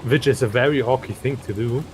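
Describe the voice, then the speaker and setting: A man with a German accent chatting thoughtfully while playing a strategy game, pausing often with "uh". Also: mid-range voice, slight background noise. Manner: thoughtful, hesitant, many uhs. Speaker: gamer. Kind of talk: casual gaming chat.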